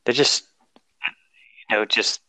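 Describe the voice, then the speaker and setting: A man's voice: slow, pushed and bright, a little hiss or hum, low-quality recording. A man co-hosting a casual chat, rambling with lots of fillers and giggles.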